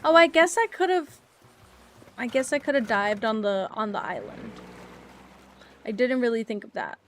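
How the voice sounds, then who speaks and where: Chatty woman streamer, higher voice. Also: sing-song, measured pace. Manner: chatty, rambling, talks to chat. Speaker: live streamer. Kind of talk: casual live-stream chat while gaming.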